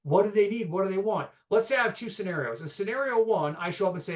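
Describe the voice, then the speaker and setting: A man teaching a live real estate investing seminar, energetic and conversational, peppering the audience with rhetorical questions and "okay?". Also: high-pitched, quick pace, hardly any pauses, lo-fi sound.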